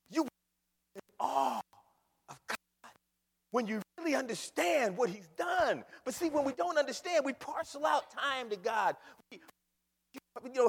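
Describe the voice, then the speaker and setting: Male preacher, animated up-and-down delivery, repeats words a lot, long echo in a church hall. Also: sits high, moderate pace, husky. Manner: dramatic, swings from shouts to hushed whispers. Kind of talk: sermon.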